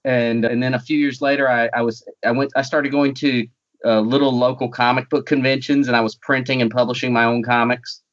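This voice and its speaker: A man's voice: mid-range voice, level tone, brisk, lo-fi sound. A man with a light North Carolina accent, a guest in a casual interview, talking with dry, self-deprecating humor.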